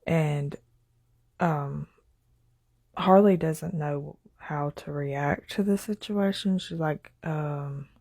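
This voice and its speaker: A woman's voice: low-pitched, extremely slow, warm tone, no room sound. A woman telling a story in a loose, rambling way, full of "like" and "you know" and laughing as she goes. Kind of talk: casual spoken storytelling.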